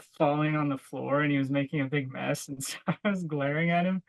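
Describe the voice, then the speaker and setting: This young podcast co-host has a gravelly voice on the high side and talks a little fast, and the recording is low quality. His casual chat drifts into rambling anecdotes stuffed with "like," with the odd laugh mixed in.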